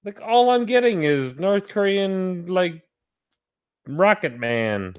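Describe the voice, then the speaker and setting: Lively, animated man joking on a podcast. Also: high voice, takes it slowly, clear, resonant tone. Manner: animated, joking, swears freely. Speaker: podcast co-host. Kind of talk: casual podcast banter.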